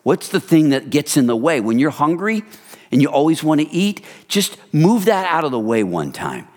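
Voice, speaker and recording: A man preaching a sermon in a conversational, animated storytelling manner, often speaking directly to the congregation. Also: fairly high pitch, moderate pace. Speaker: pastor. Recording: long hall reverb.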